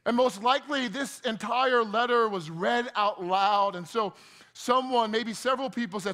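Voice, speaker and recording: Chatty high-voiced man preaching. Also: moderate pace, bright, forceful tone. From New Jersey. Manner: conversational and joking, with repeated restarts. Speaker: pastor. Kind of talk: sermon.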